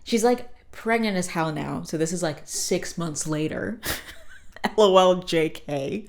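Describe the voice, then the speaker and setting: A woman hosting a podcast, casually recapping a cartoon episode with swearing and quick character voices. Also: lowish voice, gravelly. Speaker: podcast host.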